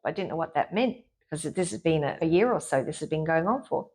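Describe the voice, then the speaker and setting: A middle-aged woman, a therapist, frankly and lively telling a personal story as a guest in an interview. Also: low-pitched, quick pace, slightly rough. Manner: frank and lively, acts out her own inner voice.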